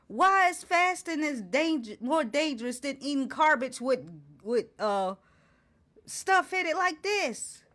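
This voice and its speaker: Fired-up woman ranting to camera, high voice, slow and deliberate. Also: lively intonation, fairly bright tone. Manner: indignant, repeating rhetorical questions. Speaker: host. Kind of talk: impassioned to-camera talk.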